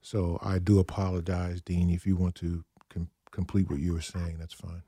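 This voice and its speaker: A man hosting a radio interview, asking polite, soft-spoken questions. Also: sits low, little pitch movement, normal speed, slightly rough, no echo, studio quality. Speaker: radio host.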